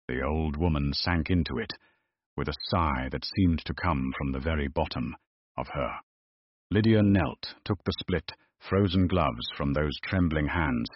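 A man narrating a scripted period story in a measured, deliberate way. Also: very deep voice, slightly rough, no echo. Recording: dull, dry close recording.

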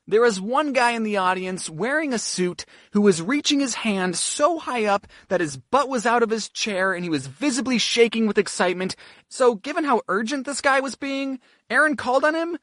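A young man doing scripted comedic storytime narration. His voice is lively and swoops up and down, with deadpan asides between jokes. The recording is dry and close. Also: extremely high pitch, no room sound. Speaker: storytelling YouTuber.

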